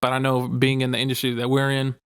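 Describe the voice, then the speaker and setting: A man's voice: medium pitch, monotone, quick pace, clean tone, no echo, studio quality. A man co-hosting a podcast in casual chat, laid-back and slangy, laughing often. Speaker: podcast co-host.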